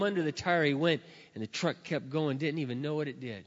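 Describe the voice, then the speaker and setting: A middle-aged man preaching, telling a story with lively acted-out barks and shouts. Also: fairly high pitch, a little fast, few pauses. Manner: animated storyteller, acts out barking and shouting. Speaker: pastor. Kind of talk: sermon storytelling. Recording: dull sound with long hall reverb.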